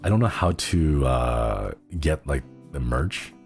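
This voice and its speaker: A young man with a very deep voice chatting casually on a livestream, rambling and giggling as he jumps between thoughts. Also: expressive, slow pace, gravelly, a little mellow, faint music behind. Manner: rambling, giggly, easily sidetracked. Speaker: streamer.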